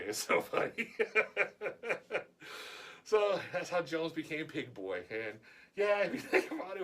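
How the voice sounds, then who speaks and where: A man's voice: mid-range voice, a little hiss or hum. A man vlogger telling a story in a casual, chatty way, chuckling often.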